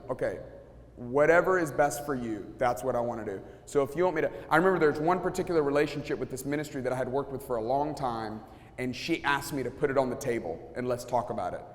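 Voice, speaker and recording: Man talking in a reverberant hall. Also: medium pitch. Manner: storytelling, acts out quotes, many restarts. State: sweating, feels hot. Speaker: pastor and guest speaker. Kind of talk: casual talk to a live audience.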